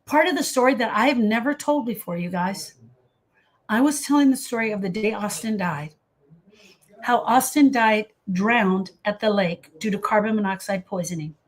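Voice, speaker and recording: A woman's voice: medium pitch, normal speed. A middle-aged woman coaching people through grief in a casual livestream. She answers viewer comments and speaks earnestly and emphatically, calling people by name. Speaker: grief coach hosting a live session.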